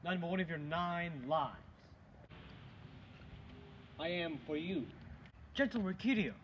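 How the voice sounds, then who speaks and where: A young man, a student actor, reciting Shakespearean street-quarrel scenes in a quick exchange. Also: a little high. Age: young adult. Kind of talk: amateur Shakespeare scene acting. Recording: dull lo-fi recording with loud noise.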